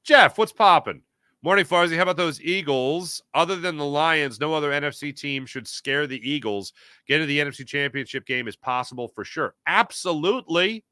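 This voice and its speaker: A man talking sports on his own show, his voice bright and forceful with a lively, swinging pitch. He speaks emphatically, tells stories with quick asides and answers live chat. The sound is close and dry. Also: no echo. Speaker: sports talk show host. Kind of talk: casual sports talk, reading live chat.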